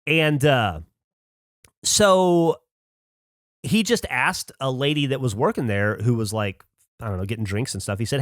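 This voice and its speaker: A man's voice: mid-range voice, a little slow, long pauses, no echo, studio quality. A man on a podcast casually telling a long anecdote, acting out the people he quotes in a raised voice. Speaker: podcast host. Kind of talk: casual storytelling chat.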